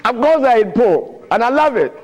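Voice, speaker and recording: A man's voice: very high-pitched, moderate pace, dull audio. A man giving an informal lecture to an audience, telling stories with loose grammar and frequent chuckles. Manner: animated storytelling with frequent chuckles. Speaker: speaker addressing an audience.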